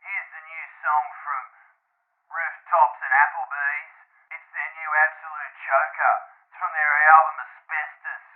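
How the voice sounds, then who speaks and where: A man's voice: fairly high pitch, level tone, unhurried, pauses often, close to an everyday voice. A man voicing a lazy, hyped male radio DJ with offhand slangy patter, on a tinny radio-like line. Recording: tinny phone-like radio sound.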